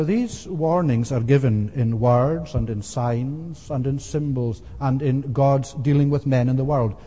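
Warm-voiced preacher in an echoing hall. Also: male voice, fairly high pitch, breathy edge. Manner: earnest, emphatic preaching with hesitant uh fillers. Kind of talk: sermon. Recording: long hall reverb.

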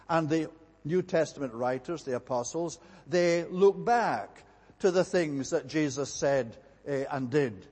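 A man preaching a sermon in a measured, emphatic way, pausing often with "uh" as he builds his points. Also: a little high, a little mellow, slightly rough, big-room sound.

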